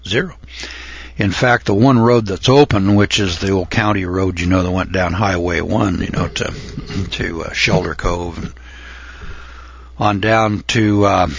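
An older man telling a folksy, rambling story from his youth, often pausing with uh and clearing his throat. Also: on the low side, dry recording, dull audio. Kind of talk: folksy spoken reminiscence.

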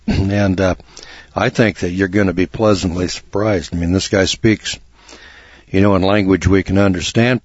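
Folksy low-voiced radio talk host, husky. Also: male voice, dry recording, muffled recording. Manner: folksy, rambling, blunt, with many fillers and restarts. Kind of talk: rambling talk radio commentary.

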